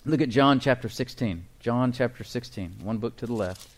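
A middle-aged pastor preaching a sermon, leading his congregation in call-and-response and reading scripture slowly with emphasis, chuckling between points. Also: mid-range voice.

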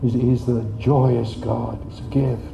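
A man preaching a sermon in an animated way, jumping up in pitch for quoted voices. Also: a little slow, creaky, noisy background. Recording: dull, echoey room.

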